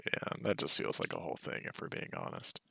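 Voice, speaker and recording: A man's voice: brisk, bright, forceful tone, dry recording, clean studio sound. A man playing a tabletop game, chatting casually and making wry, joking asides. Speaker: player.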